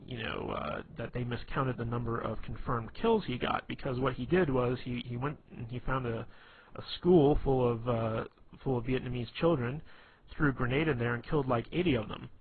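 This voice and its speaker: A man's voice: mid-range voice, fairly even intonation, normal speed, breathy edge. A man giving casual instructional advice in a rambling way, with many fillers and restarts. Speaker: dating advice talker. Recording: tinny phone-like audio with faint hiss.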